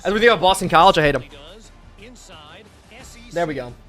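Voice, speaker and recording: A hoarse young man in his twenties gives hyped, chatty commentary on a live game stream and keeps shouting out his viewers. His voice sits a little high. Faint music plays in the background. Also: animated, brisk. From Pennsylvania. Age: 20s.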